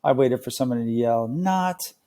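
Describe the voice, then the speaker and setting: A man narrating a novel as a read-along, with a steady, clear reading meant for learners. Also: medium pitch, normal speed.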